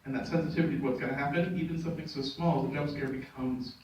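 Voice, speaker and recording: A man's voice: mid-range voice, fairly even intonation, racing, a little mellow, a little hiss or hum. A man answering on a convention panel in a thoughtful, hedging way, with many "kind of" and "like" fillers. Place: large convention hall. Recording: echoey convention hall, distant dull mic.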